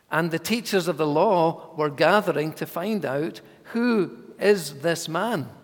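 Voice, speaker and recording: A man preaches in a church at a slow, deliberate pace, leaning hard on key words. His voice sits a little high, and a long reverb trails each phrase through the hall. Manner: measured, emphatic, dropping to whispers for voiced thoughts. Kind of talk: sermon.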